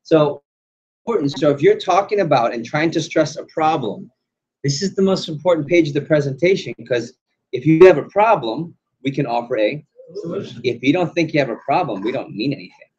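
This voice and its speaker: A man running a sales training class, animated and quizzing the group with questions. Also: on the high side, fairly quick. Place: training room. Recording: dull lo-fi recording.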